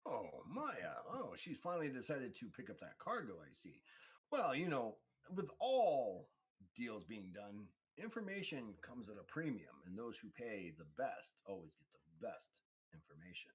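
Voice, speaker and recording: A man's voice: fairly low pitch, wildly swooping pitch, a little slow, breathy edge, exaggerated voice. Switch, a man doing a sly information broker. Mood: bargaining. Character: sly greasy male information broker with metal arm.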